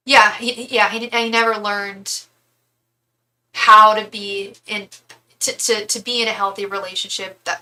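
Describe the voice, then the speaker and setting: A woman's voice: medium pitch, pushed and bright, low-quality recording. A young woman giving a casual live tarot reading, chatty and candid, thinking aloud with frequent restarts. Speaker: tarot reader.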